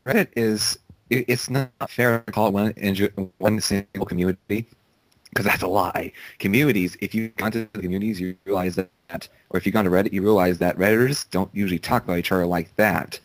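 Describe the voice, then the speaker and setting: A man's voice: on the low side, steady tone, fairly quick, no room sound, rough recording. A young man co-hosting a casual podcast, telling a rambling story full of restarts. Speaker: podcast co-host. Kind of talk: casual chat.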